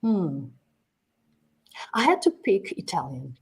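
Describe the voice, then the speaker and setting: A middle-aged woman from Portugal with a Portuguese accent, a native Portuguese speaker answering interview questions in English, expressive and prone to restarts. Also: fairly low pitch, takes it slowly, breathy edge. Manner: warm, expressive, with frequent restarts and laughs. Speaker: guest, media training executive.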